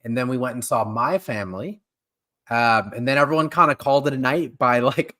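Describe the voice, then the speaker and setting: A man's voice: mid-range voice, brisk, sharp tone. A man hosting a live pop-culture stream, chatting casually with fillers and frequent laughs. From California. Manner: jokey, laughing, rambling with fillers. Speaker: podcast host. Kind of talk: casual chat.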